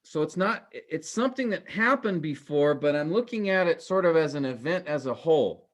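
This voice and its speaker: A man teaching a class, halting with many fillers and restarts, his voice trailing off quieter at the ends of phrases. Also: fairly high pitch, animated. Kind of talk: classroom lecture.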